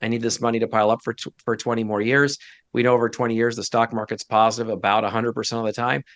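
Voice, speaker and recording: A man's voice: medium pitch, flat delivery, fast talker, dry recording. A man speaking as a guest financial advisor in a casual interview, direct and emphatic with blunt opinions.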